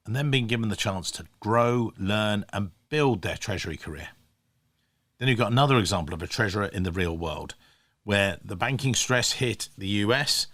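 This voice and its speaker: A man's voice: medium pitch, a bit bright. A man hosting a podcast, giving an upbeat scripted introduction to the episode. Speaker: podcast host.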